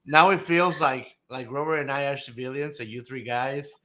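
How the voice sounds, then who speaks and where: A man's voice: mid-range voice, steady tone, normal speed, pushed and bright. A man co-hosting a podcast in casual chat, joking and laughing often. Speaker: podcast co-host.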